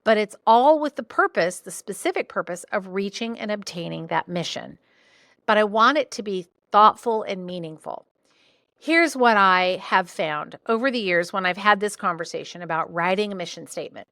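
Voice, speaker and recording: Bright, animated woman podcast host. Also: mid-range voice, normal speed, no echo, clean studio sound. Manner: animated and playful, with jokey asides. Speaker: podcast host and business coach. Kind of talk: solo podcast teaching.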